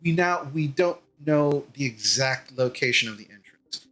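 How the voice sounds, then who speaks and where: A man voicing a composed, powerful woman envoy in a tabletop game, halting and full of fillers. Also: mid-range voice, expressive, a bit bright, soft background music, close to an everyday voice. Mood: businesslike.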